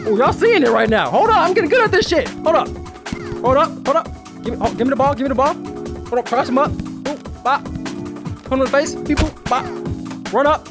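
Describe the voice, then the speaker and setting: Young adult gaming YouTuber, high and very animated delivery, profane play-by-play, music bed behind. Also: fairly quick, pauses often. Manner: excitable, profane, talks to the audience as "y'all". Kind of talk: casual gameplay commentary. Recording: game music playing behind.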